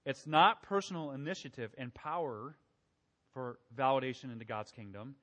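Male pastor, conversational sermon, questions to the congregation, medium pitch, long hall echo. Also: normal speed, sharp tone.

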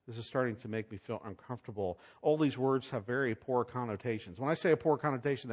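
A man preaching a sermon, swinging between loud, emphatic lines and hushed asides. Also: medium pitch. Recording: long hall reverb.

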